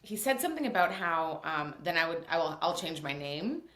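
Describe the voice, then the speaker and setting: Animated woman telling a story. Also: deep voice, fairly quick, reverberant. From Nigeria. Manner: animated storytelling, swears freely. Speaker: podcast guest. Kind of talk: casual chat.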